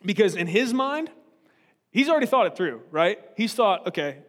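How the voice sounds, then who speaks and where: A man's voice: sits high, big pitch swings, normal speed. A man preaching a humorous, conversational sermon as pastor, joking and often checking in with his listeners. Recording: reverberant hall.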